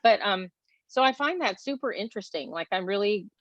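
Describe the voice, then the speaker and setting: A woman's voice: medium pitch, animated, fairly quick, fairly bright tone, no echo. Chatty outspoken woman from Texas. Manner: chatty, outspoken, many fillers. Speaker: guest. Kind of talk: casual conversation. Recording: dull lo-fi sound.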